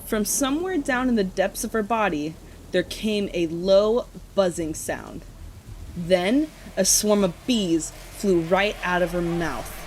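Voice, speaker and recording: A woman's voice: mid-range voice, expressive, slow pace, darkish tone, slight background noise, poor audio. A woman co-hosting a podcast, reading a spooky campfire story aloud in a casual way and often breaking into giggles.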